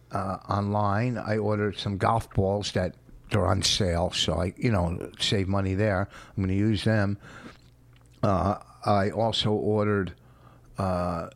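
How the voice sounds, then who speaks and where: A man in casual chat who rambles with halting fillers and casual swearing, earnest and defensive. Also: fairly low pitch, no room sound.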